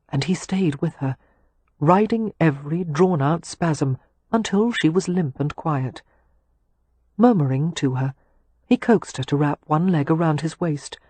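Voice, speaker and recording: A man narrating a romance audiobook in a slow, measured, sensual reading. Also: on the high side, a little mellow, slightly rough, no echo.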